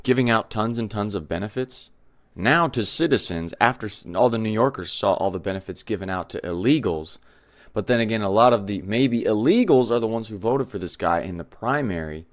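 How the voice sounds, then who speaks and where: A man with a fairly low voice giving political commentary over news clips. He talks bluntly with a sarcastic edge. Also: animated, a little fast. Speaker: commentary video host.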